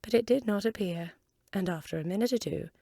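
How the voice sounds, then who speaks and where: A woman reading a storybook aloud in a calm, measured way. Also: mid-range voice, gravelly, no room sound, studio quality. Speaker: volunteer reader.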